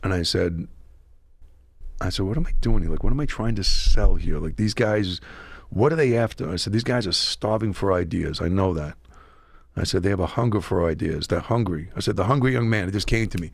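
A man's voice: sits low, a little fast, creaky, husky, dry recording. A man guest author in casual chat, telling stories bluntly with some swearing. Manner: storytelling, profane.

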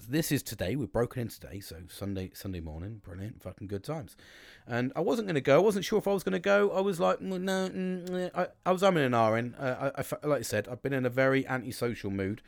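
A British man talks casually into his podcast mic, rambling, restarting and swearing freely as he tells a story. His voice sits at a middle pitch, and the recording is dry and close with no room sound. He talks at an easy, chatty pace. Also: gravelly, dry recording. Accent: British English. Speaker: podcast host.

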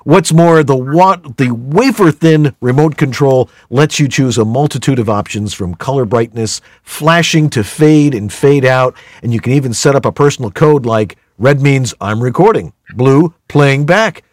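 A man's voice: medium pitch, moderate pace, hardly any pauses, no echo, studio quality. A man hosting a voiceover podcast, jokey and playful, reading questions and plugging gear. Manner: jokey, animated, playful asides. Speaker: podcast host. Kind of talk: podcast hosting, product plug.

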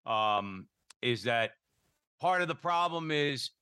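A middle-aged male radio host with a bright, forceful voice, recorded dry and close to the mic. He speaks bluntly, with a preachy edge. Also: medium pitch, lively intonation, takes it slowly, clean tone, dry recording. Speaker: radio talk show co-host. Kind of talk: radio talk show hosting.

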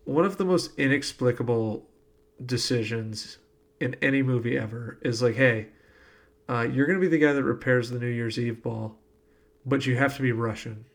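A man's voice: mid-range voice, moderate pace. A man hosting a casual podcast, running a trivia quiz and laughing often as he jokes. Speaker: podcast host.

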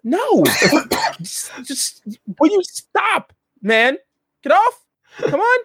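A man's voice: big pitch swings, drawn-out words, a bit bright, heavily acted. A man voicing a whiny masked male ghost villain in a tabletop game. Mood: whining. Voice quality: whining, high and strained.

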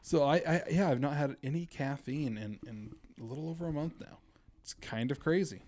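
A man's voice: on the high side, brisk, darkish tone. A man hosting a podcast in a hotel room, chatting casually, often repeating words as he restarts and laughing easily. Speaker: podcast host. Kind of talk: casual chat.

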